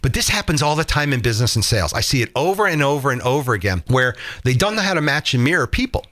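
A man coaching on communication in an interview, lively and emphatic, joking as he explains. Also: medium pitch, fast. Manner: lively, jokey, emphatic, acts out examples.

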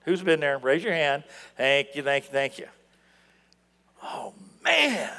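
A man preaching with a lively, swooping delivery, his voice sitting a little high for a man. He jumps from loud outbursts to hushed asides. The sound carries a long reverb from the church around him. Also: unhurried, gravelly, pauses often. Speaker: pastor. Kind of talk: sermon. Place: church sanctuary.

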